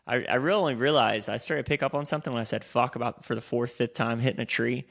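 A man, co-hosting a podcast in casual chat and telling animated, swear-laced stories. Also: mid-range voice, fast, creaky. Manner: animated storyteller, swears freely. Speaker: podcast co-host.

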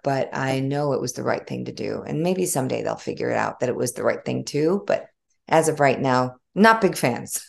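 A middle-aged woman with a Chicago accent, a former journalist telling stories in an animated, conversational interview. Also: a bass voice, gravelly. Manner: animated storytelling with frequent laughs. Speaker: guest, former broadcast journalist.

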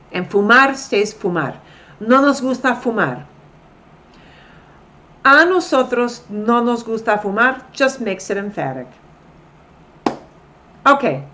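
Woman teacher, middle-aged, slow deliberate delivery, lively pitch, a bit high, repeats examples. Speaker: Spanish teacher. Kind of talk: recorded classroom lesson.

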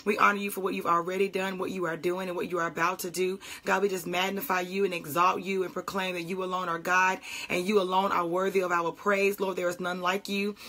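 A woman's voice: fairly low pitch, level tone, fairly quick, hardly any pauses, sharp tone. A woman pastor, greeting livestream viewers by name and leading a fervent flowing prayer.

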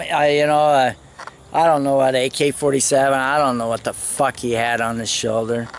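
A man's voice: on the high side, creaky, slight background noise. A man casually telling a rambling travel story, acting out the people he met and swearing often. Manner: rambling, animated, swearing, acts out others' lines.

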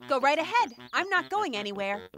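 A woman voicing a calm, gentle pregnant elephant in a children's cartoon. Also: high voice, fairly quick, exaggerated voice. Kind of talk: animated cartoon dub.

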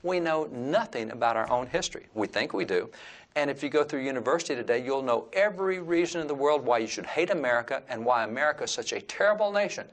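Fast-talking and lively in intonation, the medium-pitched Texan explains history in an informal interview. He's earnest and professorial, surrounded by old textbooks, and reads passages from them aloud.

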